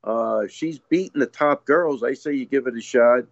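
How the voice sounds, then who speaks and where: Gravelly-voiced man talking fights. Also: mid-range voice, moderate pace, no room sound, dull audio. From US East Coast. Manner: easygoing, agreeable, short replies. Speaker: podcast co-host. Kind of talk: casual sports chat.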